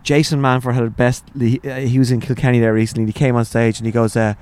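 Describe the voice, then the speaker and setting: An Irish man in his forties tells family stories in a loose, swearing style and laughs through the punchlines. He keeps an ordinary mid-range pitch and often slips into quoting his father. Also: little pitch movement, fast talker, a little mellow, clean tone. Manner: swearing, laughing anecdotes with acted quotes. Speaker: guest, author. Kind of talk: casual storytelling interview.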